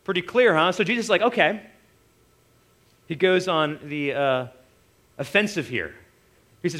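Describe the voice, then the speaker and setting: A man's voice: a little high, normal speed, pauses often. A man preaching a casual, conversational sermon, often acting out quoted voices. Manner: animated, conversational, acts out voices.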